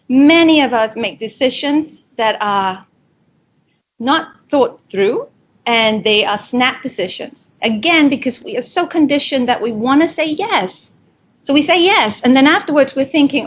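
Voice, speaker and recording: Woman presenter, slightly high voice, direct coaching delivery, dull lo-fi webinar audio. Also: expressive, normal speed, slight background noise. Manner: direct, coaching, acts out quoted dialogue. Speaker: speaker giving a webinar talk. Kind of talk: motivational presentation.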